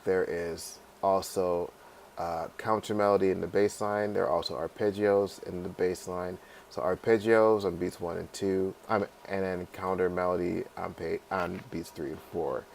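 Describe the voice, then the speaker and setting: Low-voiced male music teacher. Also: steady tone, moderate pace, vocal fry, a little mellow, slight background noise. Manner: casual, repeats "right?" and fillers, sings melody snippets. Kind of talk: screen-recorded software tutorial.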